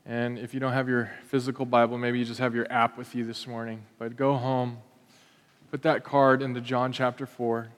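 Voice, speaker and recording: A man leading his congregation as pastor, giving calm, gentle instructions. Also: mid-range voice, normal speed. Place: church auditorium. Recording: reverberant hall sound.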